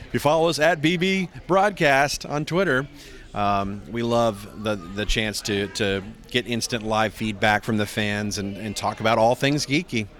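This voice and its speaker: A middle-aged man, a voice actor, chatting in a convention interview and acting out quoted lines with big swings in his voice. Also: unhurried. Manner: animated storyteller, acts out quotes with big pitch jumps. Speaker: voice actor guest.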